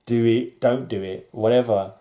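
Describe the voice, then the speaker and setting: Rambling, blunt man, mellow voice. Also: medium pitch, steady tone, normal speed. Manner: rambling, blunt, self-interrupting with fillers and laughs. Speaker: vlogger. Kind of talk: casual chat.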